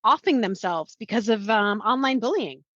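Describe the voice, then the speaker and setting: A woman's voice: medium pitch, lively intonation, moderate pace, a crowd in the background. A woman co-hosting a podcast, talking bluntly and emphatically, with plenty of swearing. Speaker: podcast co-host. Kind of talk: casual chat. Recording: dull dry lo-fi sound.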